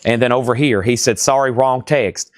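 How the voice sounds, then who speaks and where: A man hosting a live record auction from a store, reading titles off fast and tossing in sarcastic asides. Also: medium pitch, steady tone, no echo, studio quality. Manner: rapid-fire listing, joking and sarcastic asides. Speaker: live sale host.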